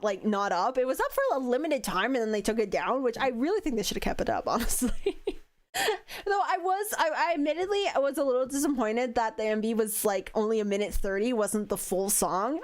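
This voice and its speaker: A high-voiced woman streamer chats casually into a desk mic while wearing headphones. Her voice leaps up and down as she gushes, giggles often and says "like" constantly. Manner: giggly, gushing, heavy use of "like". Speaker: virtual streamer. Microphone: headphones and desk microphone.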